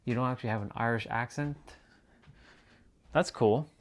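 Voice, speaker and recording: A male livestreamer with a mid-range voice talks at a moderate pace. He chats casually with viewers, rambling, repeating phrases, and restarting as he speaks.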